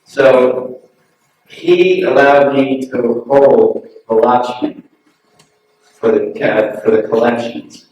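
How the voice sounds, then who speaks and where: A man giving an anecdotal remembrance at a memorial gathering, telling relaxed stories and chuckling often. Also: mid-range voice, takes it slowly, dull audio. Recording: very echoey hall, distant mic, noisy.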